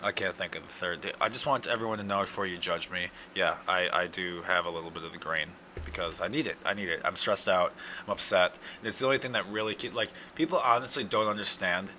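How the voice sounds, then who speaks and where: A young man with an Upper Midwest accent, hosting a casual solo podcast, ranting and cursing in loud outbursts, his throat dry from yelling. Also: deep voice, fast, slight background noise. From Wisconsin. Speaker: podcast host.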